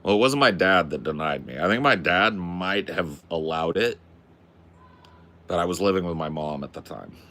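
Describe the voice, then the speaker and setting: A man's voice: low-pitched, lively intonation, normal speed, pushed and bright. A young adult man from the Pacific Northwest, streaming and chatting casually with his viewers in a laid-back, slangy way that is full of swearing. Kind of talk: casual livestream chat.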